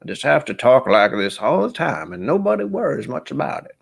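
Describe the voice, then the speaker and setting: A man doing a comic impression of a chatty, bumbling old Southern gentleman colonel, in a rambling old-timer drawl. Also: mid-range voice, sing-song, fairly quick, gravelly, slightly rough, voice pushed up, heavily acted. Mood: folksy.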